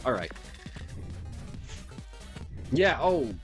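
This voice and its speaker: A man's voice: mid-range voice, a little slow, faint music behind. A man giving playful gameplay commentary, talking directly to his viewers. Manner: playful, talks to viewers, animated. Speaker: let's play host.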